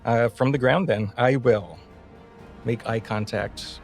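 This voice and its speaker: A man's voice: medium pitch, slow, faint music behind. A man player in a tabletop game, easygoing and joking as he takes his turn. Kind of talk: casual tabletop play.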